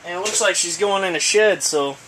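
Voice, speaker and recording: A man's voice: high-pitched, brisk, fairly bright tone, slight background noise, low-quality recording. A man chatting casually while unboxing, rambling and stammering with many hesitations as he talks about breeding snakes.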